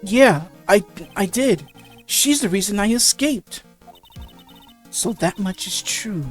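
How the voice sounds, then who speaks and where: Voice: expressive, takes it slowly, soft background music. A reader voicing a desperate male death-row convict, pleading his innocence in a visual novel game. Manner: high, loud, desperate pleading. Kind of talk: reading game dialogue aloud.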